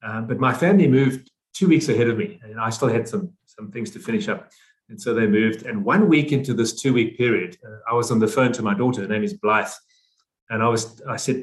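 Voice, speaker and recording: A man's voice: medium pitch, a little fast. A man from South Africa, a guest on a podcast interview, speaking earnestly and repeating his key phrases.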